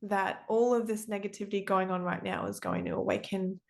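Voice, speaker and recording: A woman's voice: medium pitch, very animated, brisk, gravelly. Woman, podcast host, earnest and upbeat, casual interviewer. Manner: earnest, upbeat, uses fillers.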